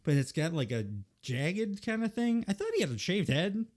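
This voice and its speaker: A man's voice: high-pitched, very animated, normal speed, a little mellow. A man co-hosting a casual podcast, joking and laughing between his lines. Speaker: podcast co-host.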